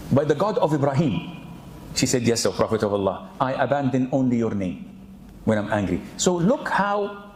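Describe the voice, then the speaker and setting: A man preaching a humorous sermon-style reminder, acting out quoted voices with sudden high jumps in pitch. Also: reverberant, low-quality recording. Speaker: Islamic preacher.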